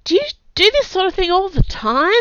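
A woman's voice: a little high, expressive, normal speed, pushed and bright, dry recording, voice pushed up. Woman voicing a bewildered prickly young man. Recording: dull dry recording.

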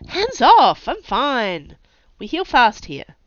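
A woman's voice: mid-range voice, very animated, normal speed, fairly bright tone, clean tone, lo-fi sound. A woman voicing a cocky, restless young male warrior who talks in brash, teasing outbursts. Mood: defensive.

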